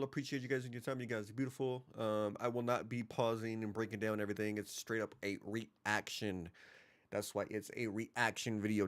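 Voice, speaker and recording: A man hosting a live reaction stream, talking in a relaxed, rambling way. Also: fairly low pitch. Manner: relaxed, rambling, with fillers and restarts. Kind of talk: casual live-stream chat.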